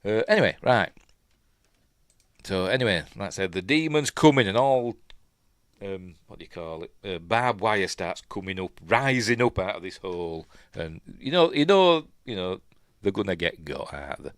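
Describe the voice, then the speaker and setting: A middle-aged man with a Yorkshire accent talks through a film in a loose, rambling way, chuckling and filling gaps with ums. His voice sits low. The sound is dry and close. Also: expressive, normal speed, no echo. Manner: rambling, chuckling, full of fillers. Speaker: host. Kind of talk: casual film commentary.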